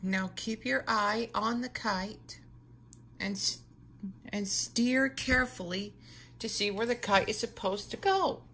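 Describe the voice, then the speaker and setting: A woman's voice: mid-range voice, slow pace, vocal fry, bright, forceful tone, slight background noise, exaggerated voice. A woman playing a caring, motherly girl superhero who encourages her little sister, in a fan role-play. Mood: gentle, encouraging.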